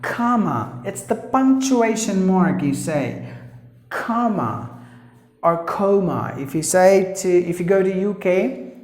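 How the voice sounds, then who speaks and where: A man's voice: high voice, lively intonation, unhurried, a little mellow, echoey room. A man teaching pronunciation, repeating each word several times to drill it. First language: Tamil. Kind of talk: pronunciation lesson.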